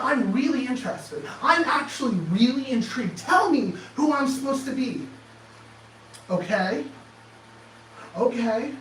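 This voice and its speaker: A man's voice: very high-pitched, a little slow, pauses often, a little hiss or hum. Man giving a sarcastic motivational talk, echoey. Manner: animated, rhetorical, sarcastic questioning. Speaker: speaker. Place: presentation room with projector. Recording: echoey room, distant mic, faint ambience.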